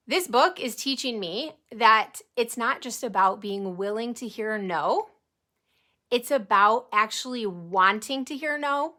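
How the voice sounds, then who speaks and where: Energetic bright-voiced woman in her forties. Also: on the high side. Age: 40s. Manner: energetic, chatty, talks to viewers directly. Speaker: network marketing team leader. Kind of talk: live motivational team training.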